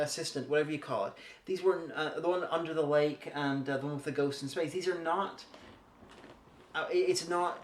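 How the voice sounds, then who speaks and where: Man podcast co-host, slightly high voice, hesitant and rambling, echoey room. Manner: rambling, hesitant, full of restarts. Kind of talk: casual chat.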